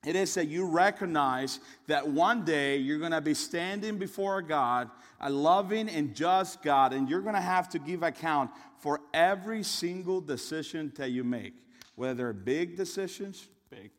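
A fairly high-voiced young man preaches a sermon, telling a story in a chatty, rambling way. His voice rings out with the long reverb of a big hall. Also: expressive, moderate pace. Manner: conversational and storytelling, with restarts and asides.

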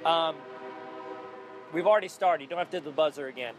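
A man with a high, fairly bright voice hosts his own podcast, speaking a little slowly over a faint hiss or hum. His solo monologue is casual, jokey and upbeat, rambling along as he keeps restarting to poke fun at himself.

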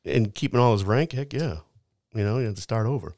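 A man's voice: lowish voice, lively intonation, fairly quick, darkish tone, dry recording. A man in casual chat who mostly chimes in with short agreements and laughs.

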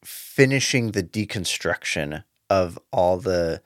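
A man co-hosting a casual book discussion podcast, giving thoughtful, measured analysis. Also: sits low, expressive, fairly bright tone, no echo. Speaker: podcast co-host. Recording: dry close mic.

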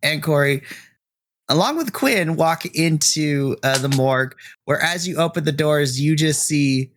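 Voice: medium pitch, animated, measured pace, slight background noise. A game master narrating a tabletop scene in a rambling way, full of likes and restarts.

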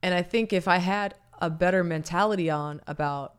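A woman's voice: lowish voice, moderate pace, few pauses, clear, resonant tone. A woman co-hosting a casual chat, candid and blunt, swearing freely and restarting her sentences.

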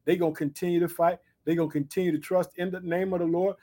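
A man's voice: high-pitched, level tone, quick pace, warm tone. A male preacher teaching from the Bible in a sermon, exhorting his listeners with frequent rhetorical questions and bursts of interjection. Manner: punctuates with interjections.

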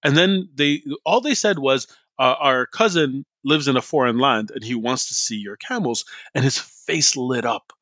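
Guy telling a story on a podcast, animated, acts out the voices, dry close sound. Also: mid-range voice, normal speed, hardly any pauses, no room sound. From Iraqi family, grew up abroad. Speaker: podcast co-host. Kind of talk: casual chat, storytelling.

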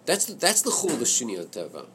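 A man leading a study class on a Chassidic text, thinking aloud in a hesitant, halting way that repeats words. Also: medium pitch, huge pitch swings, noisy background. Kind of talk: Torah study class discussion.

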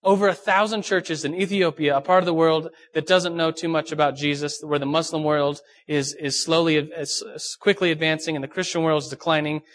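A young man preaches a lively, joking sermon, asking his listeners questions as he goes. His voice sits a little high for a man. At times he sounds a bit off the mic. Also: fairly quick, few pauses. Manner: lively, joking, talks to the audience directly. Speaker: pastor. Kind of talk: youth sermon.

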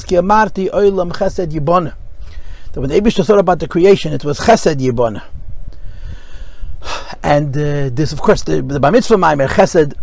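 Emphatic high-voiced man teaching Torah. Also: vocal fry, dry recording, poor audio. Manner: explanatory, mixes Hebrew and Yiddish terms with English; rhetorical questions, emphatic. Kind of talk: Chassidic discourse class.

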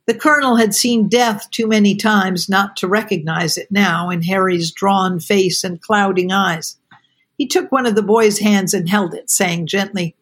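Woman host, husky voice, expressive novel reading, casual asides. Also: mid-range voice, a little slow. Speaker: podcast host. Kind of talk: reading aloud from a novel with commentary.

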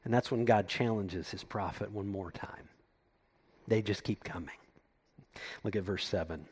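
A man preaching a sermon, reading scripture aloud and explaining it, swinging from loud emphatic lines to hushed low asides. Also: measured pace, long pauses, breathy edge. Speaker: pastor.

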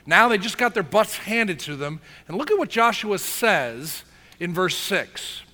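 A man preaching a sermon as pastor, casual and animated, acting out the people he tells about, in a church hall. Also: high voice, measured pace. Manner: casual, animated storytelling with acted-out quotes. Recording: long hall reverb.

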